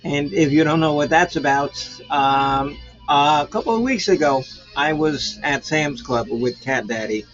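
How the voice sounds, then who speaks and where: A slow-paced man in his sixties rambles through a casual, joking chat as host of his own show, wandering off-topic with plenty of fillers. His voice sits a little high. The sound is slightly dull and lo-fi, with faint music playing underneath. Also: fairly bright tone. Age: 60s. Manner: rambling, jokey, full of fillers.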